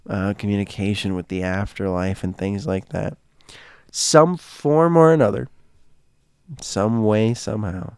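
A young man telling a spooky story in casual chat, animated and laughing, acting out quotes with fillers. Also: fairly low pitch, vocal fry, clear, resonant tone, no echo, clean studio sound.

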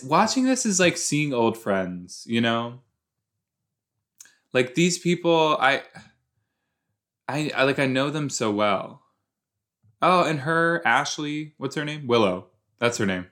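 Giggly man with a lively, slow delivery. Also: medium pitch. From Los Angeles area. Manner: giggly, rambling, self-mocking. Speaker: podcast host. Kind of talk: rewatch reaction commentary.

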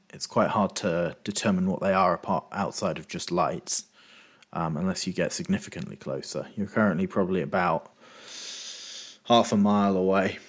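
A man running a tabletop game as game master, narrating scenes with frequent ums and pauses. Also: sits low. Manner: hesitant, lots of ums while describing.

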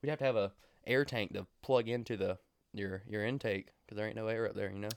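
Fast-talking man with a clear voice. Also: lowish voice, fairly even intonation, no echo, clean studio sound. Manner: joking, playful, asks lots of questions. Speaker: podcast co-host. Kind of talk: casual chat.

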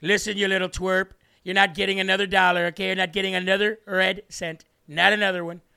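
A man's voice: high voice, little pitch movement, fast, creaky, bright, forceful tone, clean tone, heavily acted. A man doing a blunt scolding politician. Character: blunt, bullying older male politician.

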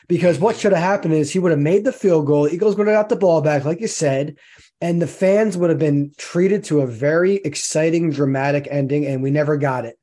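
A man co-hosting a casual sports podcast, venting his disappointment and acting out little quoted asides. His voice sits a bit high for a man and sounds warm and mellow. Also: brisk. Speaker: podcast co-host.

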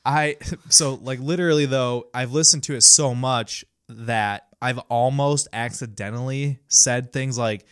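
Casting: male podcast co-host, unhurried and halting, smooth dry voice. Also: mid-range voice, fairly bright tone, no echo. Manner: hesitant, full of fillers and restarts. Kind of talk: casual chat.

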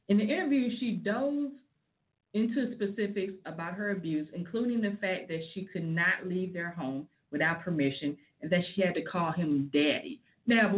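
A woman giving casual celebrity gossip commentary, chatty and opinionated with frank asides. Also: medium pitch. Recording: tinny phone-like audio.

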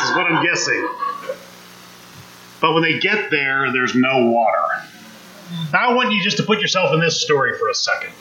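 A man's voice: fairly high pitch, sing-song, moderate pace, pauses often, pushed and bright, echoey room, highs cut off. A man preaching a conversational sermon, acting out quotes and asking the congregation questions. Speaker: pastor.

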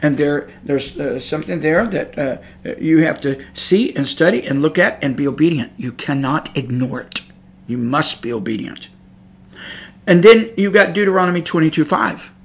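A man's voice: fairly high pitch, animated, moderate pace. A middle-aged man giving an emphatic religious podcast monologue, repeating himself and growing heated. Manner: emphatic, repetitive, grows heated and loud. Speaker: podcast host.

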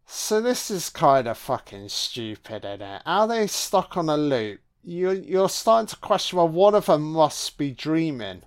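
A man's voice: a little high, big pitch swings, unhurried, few pauses, clean tone. A man giving a casual film commentary, sweary, sarcastic and mocking.

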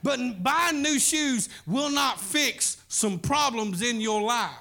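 A man's voice: very high voice, lively intonation, slow, vocal fry, pushed and bright. A man preaching a sermon, telling a folksy story as pastor.

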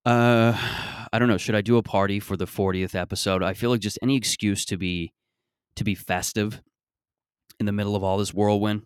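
A man's voice: fairly low pitch, steady tone, a little fast, smooth, dry recording, clean studio sound. A man around thirty hosting his own podcast outdoors in a backyard, rambling and joking with a bit of profanity. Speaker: podcast host. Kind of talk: casual solo podcast monologue.

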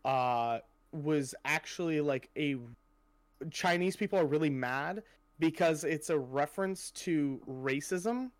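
Young male co-host, casual rambler, fillers and swearing, voice a touch high. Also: slow, no room sound. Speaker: podcast co-host. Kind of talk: casual chat.

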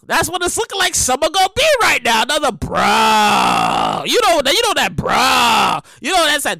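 A woman's voice: fairly high pitch, huge pitch swings, normal speed, gravelly, few pauses, sharp tone, no echo, clean studio sound. A woman delivering a casual comedic monologue, rambling, slangy and full of exclamations. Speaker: comedic storyteller.

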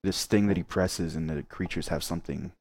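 A man co-hosting a film podcast, opinionated and excitable, sometimes swearing. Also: sits low, brisk, creaky, dry recording. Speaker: podcast co-host. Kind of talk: casual chat.

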